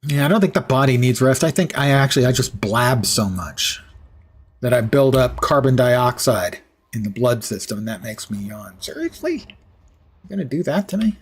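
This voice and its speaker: Husky, wry male game streamer. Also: mid-range voice, normal speed. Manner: wry, rambling, sarcastic asides. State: sleepy, yawning often. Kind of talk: casual commentary while gaming.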